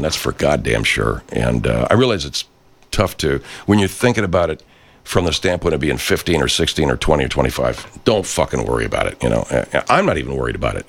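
Deep-voiced brash foul-mouthed male host. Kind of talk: profane rant monologue.

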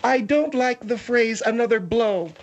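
A man's voice: very high voice, measured pace, highs cut off, slight background noise, voice pushed up. A man voicing a prim, easily offended older woman who scolds the others. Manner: prudish, scolding.

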